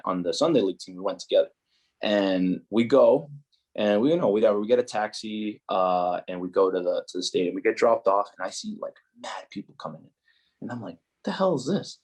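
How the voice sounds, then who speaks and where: Young guy on a podcast, kinda low voice, rambling animated stories, says like a lot. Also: a little fast. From New Jersey, USA. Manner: animated, heavy use of "like" and "you know". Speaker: podcast guest, footballer. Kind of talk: casual storytelling chat.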